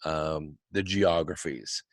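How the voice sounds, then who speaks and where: A man on a talk show as the guest author, telling travel stories in an animated, wry way. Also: rumbling low, takes it slowly, no echo. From United States. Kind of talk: anecdotal storytelling.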